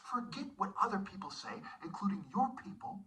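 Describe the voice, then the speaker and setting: A man's voice: sits high, very animated, brisk, bright, forceful tone, distant mic, a little hiss or hum, low-quality recording. A man preaching an intense sermon monologue, often dropping into whispered asides. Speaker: self-styled preacher.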